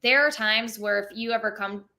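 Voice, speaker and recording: A woman's voice: fairly high pitch, normal speed, pushed and bright. A young woman telling stories in a casual interview as a theme park performer, chatty and full of "like" fillers. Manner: chatty, many "like" fillers, laughs often.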